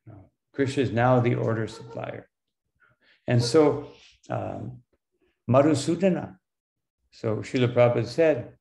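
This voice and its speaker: A man, a monk, lecturing on scripture in a halting way, with many fillers and "no?" tags, slowing down for Sanskrit terms. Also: mid-range voice, big pitch swings, vocal fry, a little mellow, roomy sound. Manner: slows for Sanskrit terms and quotes.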